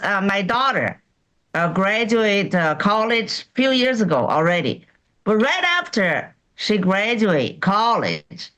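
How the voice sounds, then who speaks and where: High, lively-voiced woman comic from China. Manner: deadpan, slightly broken English with pauses. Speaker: stand-up comic. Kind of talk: stand-up set. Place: comedy club stage. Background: audience laughter.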